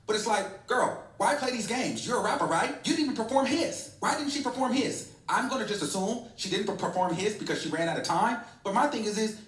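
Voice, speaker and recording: A woman's voice: medium pitch, fairly quick, hardly any pauses, roomy sound, distant mic, rough recording. A woman hosting a reaction video, giving emphatic, opinionated commentary. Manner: animated, emphatic, calls people girl.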